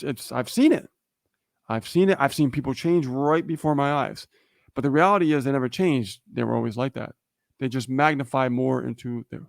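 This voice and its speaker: A man's voice: mid-range voice, creaky, dry recording, studio quality. A man co-hosting a livestream, telling a story in a casual motivational way and often checking in with "okay?" and "right?". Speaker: livestream co-host.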